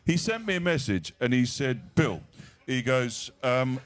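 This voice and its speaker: A middle-aged man, a comedian guest on stage at a live event, telling long animated anecdotes and acting out other people's voices. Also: mid-range voice, normal speed, few pauses. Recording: echoey live stage sound.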